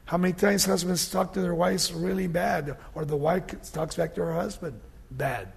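Gravelly-voiced male preacher. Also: sits high, steady tone, moderate pace. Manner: swings from loud emphatic scripture reading to quiet conversational asides. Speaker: pastor. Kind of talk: sermon.

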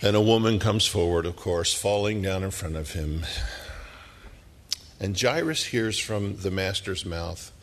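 A middle-aged man preaching a sermon, telling the story dramatically and dropping at times to hushed whispers. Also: on the low side, unhurried, big-room sound.

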